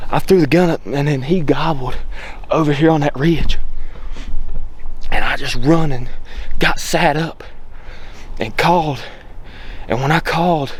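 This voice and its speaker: A man, talking to viewers in a casual, folksy and excitable way as he films his own hunt outdoors on a mountain. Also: a little high. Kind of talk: casual outdoor vlog talk. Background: faint wind and outdoor ambience.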